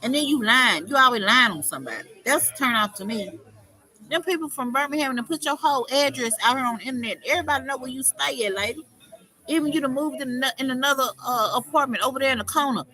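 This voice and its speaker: A woman's voice: high voice, fast talker, pushed and bright, rough recording. A woman hosting a livestream, scolding someone in a confrontational, profane, unscripted rant. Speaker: livestream host.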